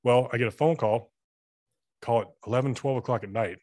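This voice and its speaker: Man, podcast guest: rapid, profanity-laced storyteller, dry close sound. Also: mid-range voice, a little mellow, no room sound. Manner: profane, rambling anecdotes with acted-out dialogue. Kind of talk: casual storytelling chat.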